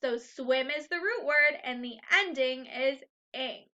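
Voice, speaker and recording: A woman teacher leading a phonics lesson for young children, speaking slowly and clearly, repeating each word three times and cheering the class on, on a slightly dull, lo-fi recording. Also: high voice, bright, forceful tone. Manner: encouraging, upbeat.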